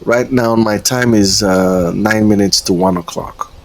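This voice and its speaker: A man's voice: on the low side, fairly even intonation, measured pace. A man streaming a flight simulator, chatting casually in a rambling, hesitant way and chuckling often. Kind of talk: casual live-stream chat.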